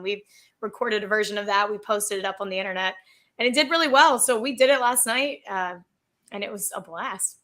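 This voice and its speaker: A woman's voice: on the high side, moderate pace, a bit bright. A woman singer being interviewed, answering in a friendly, eager way with frequent giggles. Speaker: singer guest.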